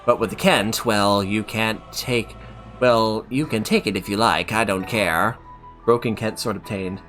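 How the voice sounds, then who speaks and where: Low-voiced man streaming a game. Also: steady tone, unhurried, a bit bright, faint music behind. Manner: chatty, reads game text aloud. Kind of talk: casual gameplay commentary with reading aloud.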